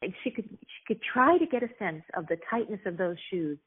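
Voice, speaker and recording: A middle-aged woman, an author and actress, telling stories earnestly and reflectively in an interview, with many pauses and restarts. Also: mid-range voice, big pitch swings, breathy edge. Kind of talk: casual interview storytelling. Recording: tinny phone-like line.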